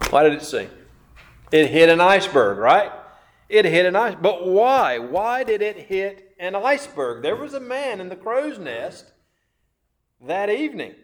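A man preaching a sermon, slow and emphatic, repeating phrases and asking questions of his listeners. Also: sits high, very animated. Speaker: pastor.

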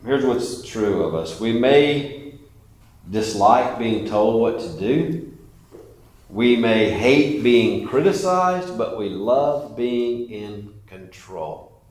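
A man's voice: medium pitch, expressive, takes it slowly. Preaching man in an echoey hall. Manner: emphatic preaching, rising and falling in loudness. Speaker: pastor. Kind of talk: sermon.

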